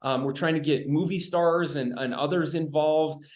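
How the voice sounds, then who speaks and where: A man's voice: on the high side, steady tone, normal speed, a little mellow. A middle-aged man, a state governor, speaking earnestly and hopefully in a conversation, often restarting his words. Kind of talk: conversational remarks in a virtual event. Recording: roomy echo.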